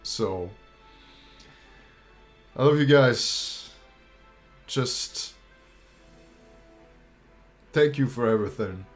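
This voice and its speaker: A young man giving a heartfelt farewell to his viewers, choked up and halting, pausing and restarting, with casual swearing. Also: mid-range voice, faint music behind. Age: young adult. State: choked up, near tears. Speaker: YouTuber.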